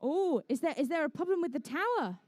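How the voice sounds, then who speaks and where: Playful high-voiced English woman commentating. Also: expressive, brisk, darkish tone, dry recording. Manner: playful, chatty, jokey asides. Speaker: referee and match commentator. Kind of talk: live event commentary. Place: indoor competition venue.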